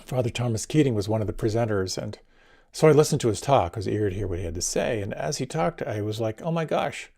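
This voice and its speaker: Male meditation teacher, low husky voice, gentle and unhurried guidance. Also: animated. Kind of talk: guided meditation talk.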